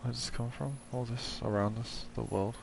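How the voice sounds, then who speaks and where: A man's voice: medium pitch, steady tone, moderate pace, vocal fry, slight background noise. A man streaming a video game, commenting casually, swearing and reading his choices aloud.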